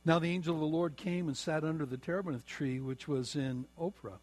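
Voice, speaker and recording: A middle-aged man preaching a sermon, slowing down and repeating phrases for emphasis. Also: on the high side, fairly even intonation, darkish tone. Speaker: pastor.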